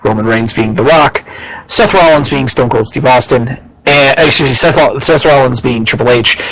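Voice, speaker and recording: A man's voice: mid-range voice, moderate pace, a bit bright, rough recording. A man co-hosting a casual podcast, rambling and opinionated, swearing freely and restarting his sentences often. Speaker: podcast co-host. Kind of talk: casual wrestling podcast chat.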